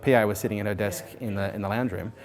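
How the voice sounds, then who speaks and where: A man in his forties tells a long personal story at a quick clip, words tumbling out one after another. He is animated and swears freely, and he slips into the voices of the people in his story. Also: fairly low pitch. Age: 40s. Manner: animated, swears freely, acts out quoted speech. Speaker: interviewee. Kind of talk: storytelling in an interview.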